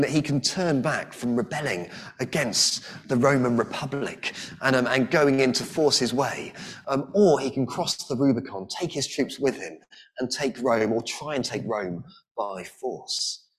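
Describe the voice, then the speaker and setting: A man's voice: mid-range voice, moderate pace. A man preaching a sermon in an earnest way, often restarting with repeated words.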